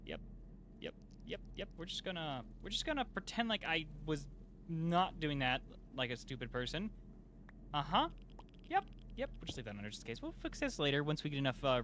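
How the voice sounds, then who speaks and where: A man giving casual gameplay commentary, excitable and self-mocking, with lots of fillers and sudden yelps. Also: fairly high pitch, slight background noise. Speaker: gameplay youtuber. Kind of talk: casual let's play commentary.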